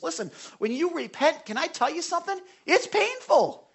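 A preacher delivering a sermon in an animated, excitable way, swinging between loud exhortation and hushed, soft lines, with frequent restarts. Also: medium pitch, normal speed, husky. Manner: excitable, with restarts and self-corrections.

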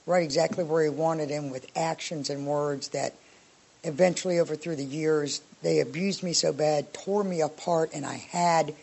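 A woman's voice: low voice, fairly even intonation, moderate pace, vocal fry, darkish tone. Earnest woman sharing a testimony. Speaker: congregation member sharing a testimony. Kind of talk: personal testimony.

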